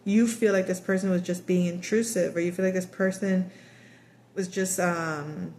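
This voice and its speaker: A woman's voice: on the low side, steady tone, moderate pace, a little mellow, slight background noise. A woman giving a casual tarot reading, chatty and rambling, laughing often and acting out quoted voices. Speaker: tarot reader.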